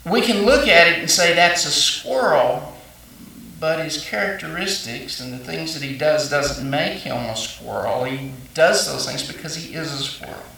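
Man preaching, bright voice, a bit high, heard from a distance in a roomy, echoey church. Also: expressive, moderate pace, gravelly, few pauses. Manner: folksy storytelling with frequent fillers and restarts. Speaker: pastor. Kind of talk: sermon. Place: church sanctuary.

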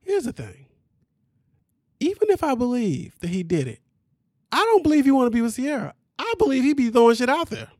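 A man hosting a podcast, recapping a reality show in casual, slangy talk, animated and laughing often. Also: very high-pitched, brisk, pauses often, no echo, studio quality.

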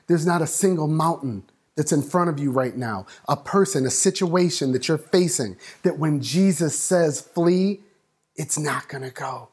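A man preaching a sermon, building up and dropping to a hush, acting out voices in the story. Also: on the high side, measured pace, breathy edge. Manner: dynamic preaching, swings from loud to hushed. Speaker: pastor.

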